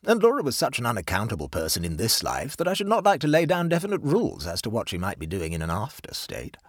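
A man reading aloud, voicing a drily ironic English gentleman in a story. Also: medium pitch, huge pitch swings, quick pace, slightly rough, dry recording, studio quality, exaggerated voice. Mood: wry.

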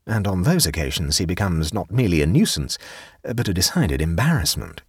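A sly young gentleman who delivers mischief with a straight face, in a deep, husky voice, as a man reads his part. His delivery is measured and arch but rises and falls widely. He sounds like a character in a read-aloud storybook, recorded dry and close. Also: very animated, no echo, exaggerated voice. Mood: grave. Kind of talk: audiobook character voice.

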